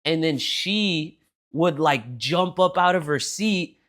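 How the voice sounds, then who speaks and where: A young man co-hosting a podcast, telling an animated, profane story in casual chat. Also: fairly high pitch, slow. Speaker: podcast co-host.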